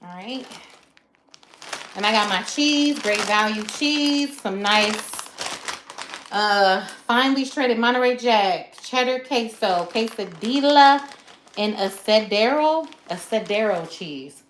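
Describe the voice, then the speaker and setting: A woman runs a casual live cooking stream in her home kitchen. She chats with viewers, greets them by name and talks through every step. Her voice sits at a middle pitch and bounces around a roomy kitchen, with soft pan and dish clatter behind her. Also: slow pace, noisy background. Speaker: livestream cooking host. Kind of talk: casual cook-along live chat. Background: clatter of dishes and pans.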